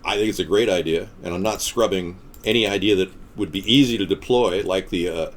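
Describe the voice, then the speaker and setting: A man's voice: low voice, brisk. A man hosting a casual live stream as a political candidate, rambling off the cuff with jokes and reading viewer comments aloud.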